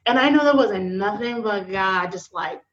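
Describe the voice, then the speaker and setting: A woman guest in a casual talk about faith, telling stories in a slangy, lively way with frequent laughter. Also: medium pitch, normal speed. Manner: animated storytelling with laughs. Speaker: podcast guest. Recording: dull lo-fi sound.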